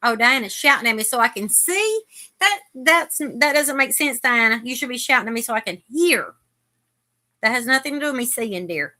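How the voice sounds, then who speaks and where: A woman hosts a relaxed live chat, reading out viewer comments between crochet stitches. Her voice sits a little high and rings bright and clear. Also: normal speed. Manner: chatty, reads viewer comments aloud while crocheting. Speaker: host.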